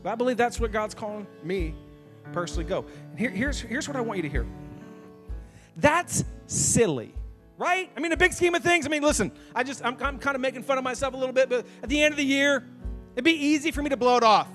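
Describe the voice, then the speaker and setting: A man in his thirties, a pastor preaching a sermon from a church stage in an animated, self-mocking way, acting out little dialogues. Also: extremely high pitch, fast talker, faint music behind. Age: 30s.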